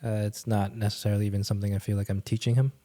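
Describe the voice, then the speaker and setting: Dad guest on a podcast, low mellow voice, slow and thoughtful. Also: male voice, little pitch movement. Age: adult father. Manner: measured, thoughtful, frequent murmured agreement. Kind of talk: reflective casual conversation.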